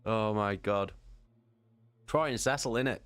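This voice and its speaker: A man's voice: lowish voice, measured pace, fairly bright tone, clear, resonant tone, no room sound. A man rambling jokily and swearing as a streamer chats on a live stream. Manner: rambling, jokey, swears a lot. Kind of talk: casual live-stream chat.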